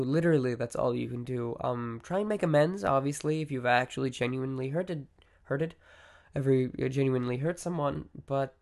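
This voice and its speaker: Speaking in a mid-range, gravelly, somewhat mellow voice, a man hosts a solo podcast monologue about mental health. He reflects conversationally, working through his thoughts with lots of fillers and frequent self-corrections.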